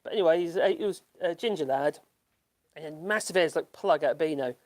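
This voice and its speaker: An older man with a Norfolk accent, hosting a casual livestream and reading chat comments in a rambling, halting way full of ums and laughs. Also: on the high side, a little mellow. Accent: Norfolk English. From Norfolk, England.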